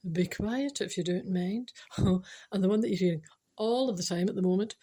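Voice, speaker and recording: A Scottish woman in middle age talks through her spiritual podcast in a loose, chatty way. She teases herself and slips into whispered asides. Her pitch sits in the ordinary middle range for a woman. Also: brisk, warm tone, slightly rough. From Scotland. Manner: self-mocking, playful, drops into whispered asides. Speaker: podcast host.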